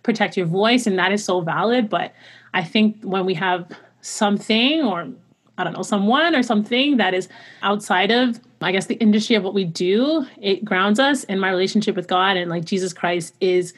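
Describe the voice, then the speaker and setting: A woman who sings opera, talking earnestly in a casual interview, full of "like" fillers and quick laughs. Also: mid-range voice. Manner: chatty and earnest, filler-heavy with frequent "like"; laughs often while talking. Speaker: opera singer, interview guest.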